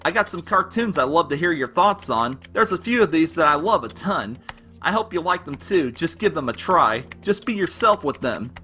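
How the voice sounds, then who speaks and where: A man's voice: a little high, animated, normal speed, bright, forceful tone. A man rapping in rhyme as an obsessive, unstable young male superfan, with a delivery that swings between gushing and menacing, over a backing beat. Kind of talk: rapped fan-letter verse over a beat.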